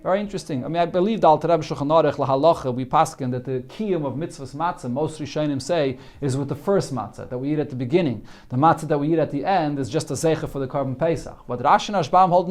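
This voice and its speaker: Talmud teacher man, higher-pitched voice. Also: quick pace, hardly any pauses. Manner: explains Aramaic text line by line with many fillers. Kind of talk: daily Talmud class.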